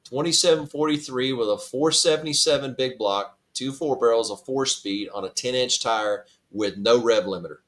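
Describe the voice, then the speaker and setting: A man at a middle pitch hosts a racing podcast in a relaxed, chatty way. He says "y'all" and lingers with enthusiasm on the car details as he talks. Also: moderate pace, few pauses. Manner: chatty, Southern "y'all", enthusiastic about cars. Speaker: podcast host. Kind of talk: casual podcast interview.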